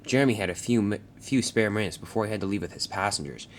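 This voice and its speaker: A man's voice: fairly low pitch, fast, slight background noise. A man narrating a fan-made story in a plain storytelling way, with restarts.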